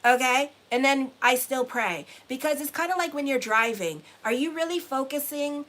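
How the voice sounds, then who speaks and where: A high, somewhat bright female voice at normal speed belongs to a middle-aged astrologer and tarot reader with Haitian roots. She motivates her viewers in a casual, blunt way, swearing freely and repeating phrases for emphasis.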